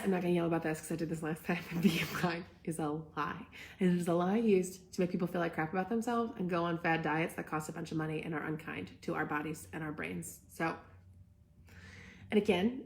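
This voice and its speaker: A woman's voice: on the low side, vocal fry. A young woman hosting a live talk, speaking with passion and emphasis and often asking "right?". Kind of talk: live-streamed casual talk, reading comments.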